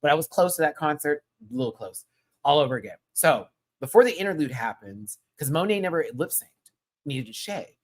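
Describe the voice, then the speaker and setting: A man hosting his own channel, chatting casually through a recap of a live show, slangy and gushing, with sudden high excited exclamations. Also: brisk. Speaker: channel host.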